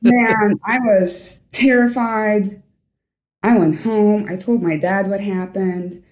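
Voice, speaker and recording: A woman's voice: medium pitch, fairly even intonation, takes it slowly, darkish tone. A young woman from Norway, a podcast guest, telling a story with animation and acting out the quoted voices. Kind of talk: storytelling interview. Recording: roomy echo.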